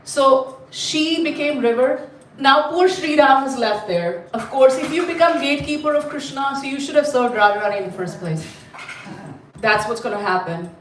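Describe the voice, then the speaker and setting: A woman's voice: sits high, moderate pace, slight background noise. Woman telling a story in a roomy space. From India. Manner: animated, chatty, asks the group questions. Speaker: storyteller teaching a class. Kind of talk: lively storytelling for listeners. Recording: roomy, mic at a distance.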